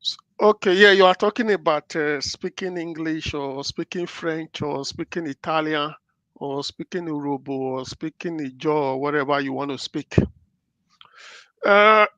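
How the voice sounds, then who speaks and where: A man's voice: on the high side, moderate pace, sharp tone, no echo. A man giving political commentary in an assertive, lecturing way. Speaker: guest commentator.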